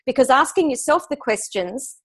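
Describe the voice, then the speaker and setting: An Australian woman in her forties talks as an interview guest, upbeat and animated. Her voice sits a little on the high side. She coaches business owners and tells stories easily. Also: normal speed. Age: 40s. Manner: upbeat, animated storytelling with frequent laughs. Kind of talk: conversational interview.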